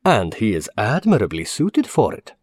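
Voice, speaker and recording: A man's voice: on the low side, huge pitch swings, moderate pace, no room sound, clean studio sound. A man voicing a fussy, eager middle-aged male manager who speaks earnestly and formally.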